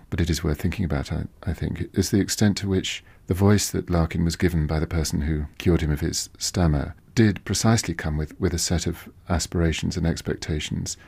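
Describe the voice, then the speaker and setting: A man with a very low, husky voice speaks as a biographer, musing and thinking aloud with small restarts. The sound is close and dry. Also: a little mellow, dry recording. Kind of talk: interview commentary.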